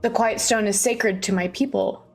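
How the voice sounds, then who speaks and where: A woman playing a proud young apprentice priestess who states her claim slowly and earnestly. Her voice sits at an ordinary pitch, with faint music underneath. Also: steady tone, close to an everyday voice. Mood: defiant. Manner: earnest, measured declaration.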